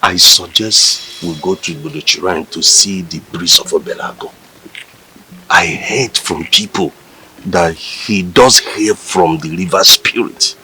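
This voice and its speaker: An actor with a Nigerian accent playing a worried village elder who talks in an anxious, dramatic, exclaiming way. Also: male voice, deep voice, measured pace, bright, forceful tone, a little hiss or hum, exaggerated voice, poor audio. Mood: grave.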